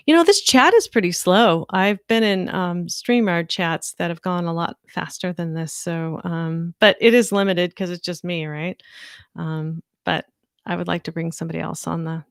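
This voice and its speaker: A woman's voice: fairly low pitch, no echo, studio quality. A woman hosting a casual livestream from home, chatting loosely and reading viewers' comments aloud. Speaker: livestream host. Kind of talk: casual live-stream chat.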